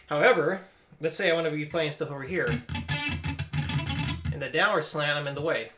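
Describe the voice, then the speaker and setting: Reacting to a guitar lesson video on his live stream, a guitar teacher rambles loosely and swears now and then. He talks at a moderate pace in a fairly high, pushed, bright voice over background electric guitar.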